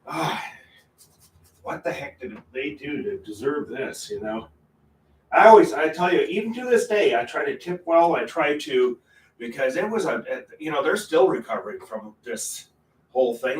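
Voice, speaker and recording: A chatty man talks through his painting stream, rambling from one thought to the next and breaking into sudden louder bursts. He sits well back from the microphone in a roomy, echoing space, with faint ambience behind him. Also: medium pitch, very animated, moderate pace, distant mic, slight background noise. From Portland, Oregon area. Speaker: painting livestream host. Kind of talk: casual chat while painting.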